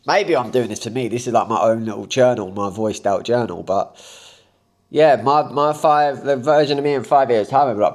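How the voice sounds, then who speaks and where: A man's voice: lowish voice, moderate pace, darkish tone. A man, a coach giving a blunt, rambling, impassioned motivational talk, unscripted. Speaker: self-improvement coach.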